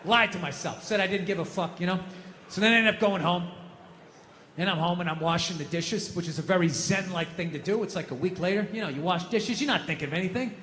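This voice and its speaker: A man performing a stand-up comedy set, ranting with lots of profanity and building up to shouted punchlines. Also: high voice, fast. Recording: live hall reverb, faint background noise.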